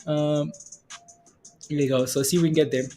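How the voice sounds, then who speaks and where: A man's voice: a little high, fairly even intonation, normal speed, mellow, faint music behind. A man hosting a casual stock market livestream, laid-back and laughing often, checking himself with "right?". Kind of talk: casual live market chat.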